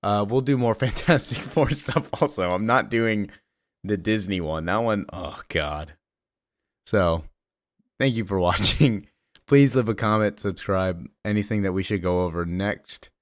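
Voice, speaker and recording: A man retells a comic story casually, rambling with many fillers. His voice is fairly low. The sound is dry and close. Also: unhurried, no echo. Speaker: comic recap creator.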